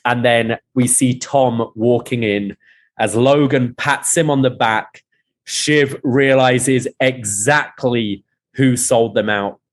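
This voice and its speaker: A man hosting a casual podcast and recapping a TV finale scene by scene. His voice sits in an ordinary middle pitch, and he leans into the quoted dialogue, lifting and pressing it. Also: fairly even intonation, slow. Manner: retells scenes, reading out dialogue with rising emphasis. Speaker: podcast host.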